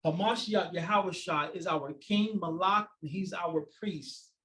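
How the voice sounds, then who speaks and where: A man's voice: high voice, a little slow, a bit bright, low-quality recording. A man preaching and teaching scripture, emphatic and scolding, repeating his points and firing rhetorical questions. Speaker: teacher leading a scripture study. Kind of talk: fiery preaching and Bible teaching.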